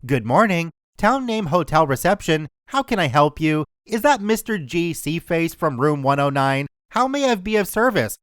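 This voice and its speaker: A man's voice: a little high, big pitch swings, moderate pace, few pauses, dry recording, studio quality. A man doing a syrupy-polite receptionist. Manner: smooth, courteous. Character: overly polite hotel receptionist.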